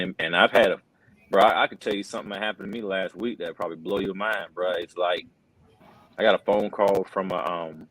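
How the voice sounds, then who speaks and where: Deep-voiced earnest man telling a story. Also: fairly bright tone, low-quality recording. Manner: earnest, says "bro" and "man" a lot, many restarts. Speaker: wrestling commentator, interview guest. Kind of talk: casual conversational storytelling.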